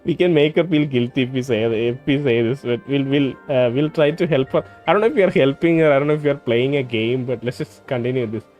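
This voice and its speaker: A man playing a story game and thinking aloud in hesitant commentary, full of pauses and restarts. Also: medium pitch, darkish tone, soft background music. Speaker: let's play host. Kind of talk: let's play commentary.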